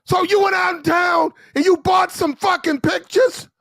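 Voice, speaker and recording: A man's voice: fairly even intonation, normal speed, creaky, no echo, exaggerated voice. A man putting on a screaming navy chief. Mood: yelling. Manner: shouting, cursing, high-pitched rage. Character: angry male navy chief chewing out a sailor.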